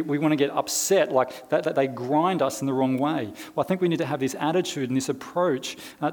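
A man's voice: on the high side, darkish tone. A man preaching a conversational sermon in a church, with many restarts and fillers. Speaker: pastor. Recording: long reverb of a church hall.

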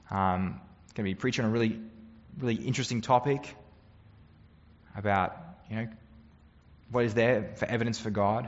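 A man preaches a sermon in an easy, conversational way, earnest and full of rhetorical questions. His voice sits at a middle pitch and carries a long reverb from the hall. The recording has a slightly dull, muffled tone. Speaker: pastor.

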